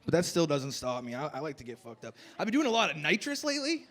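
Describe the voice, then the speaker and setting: A young man doing a stand-up comedy set on a festival stage, with a loose, rambling delivery full of "like" and shouting over the crowd at times. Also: on the high side, huge pitch swings, fast, noisy background.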